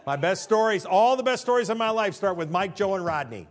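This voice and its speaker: A man's voice: high-pitched, expressive, fairly quick, slight background noise. A man in his fifties, a pastor giving a conversational sermon full of jokes and rhetorical questions.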